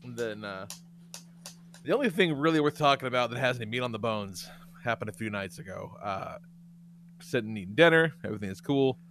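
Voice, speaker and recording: A middle-aged man tells stories on a podcast with loose, profane energy. His voice is bright and lively, climbing into high bursts when he acts out what people said. A faint hum sits under the recording. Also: brisk. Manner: profane, animated storyteller. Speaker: podcast host. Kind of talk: casual podcast chat.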